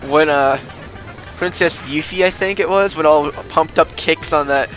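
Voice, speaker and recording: A man's voice: on the high side, a little slow, fairly bright tone, soft background music, rough recording. A young man streaming a game, rambling casually and self-deprecating, getting worked up when he rants. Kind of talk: casual gameplay stream chatter.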